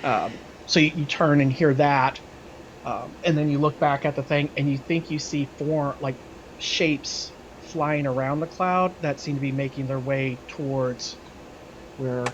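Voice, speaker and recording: A man's voice: medium pitch, a little slow, highs cut off, slight background noise. A man narrating as game master of a tabletop game, building scenes with loose, hesitant descriptions. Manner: describing scenes with many fillers and restarts.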